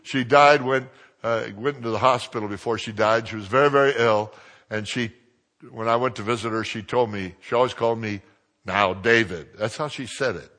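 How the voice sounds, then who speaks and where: An older man, a pastor, preaching a sermon through lively stories, with a naturally loud voice that drops to a hush and swells to a boom. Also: a little fast. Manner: lively anecdotal preaching, swinging from hushed to booming. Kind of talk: sermon storytelling.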